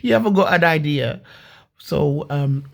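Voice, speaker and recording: A woman's voice: low voice, lively intonation, a little slow, gravelly. A woman from Leeds telling her own story casually and animatedly, with many restarts and some swearing. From Leeds, England.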